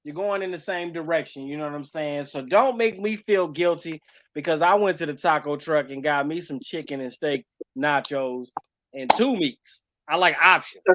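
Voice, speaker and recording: A laid-back American man co-hosting a podcast, riffing in a joking, easygoing way. His voice sits a bit high for a man. The sound is dry and close, with no room around it. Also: normal speed, fairly bright tone, no echo. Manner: laid-back, joking, lots of "you know what I'm saying". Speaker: podcast co-host. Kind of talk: casual chat.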